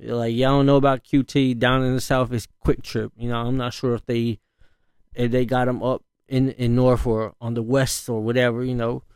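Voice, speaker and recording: Laid-back dad. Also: male voice, mid-range voice, level tone, normal speed, a little mellow, clean tone, no room sound, studio quality. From northern US. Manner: laid-back, rambling, frequent fillers and slang, laughs often. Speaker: father. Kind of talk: casual storytelling monologue.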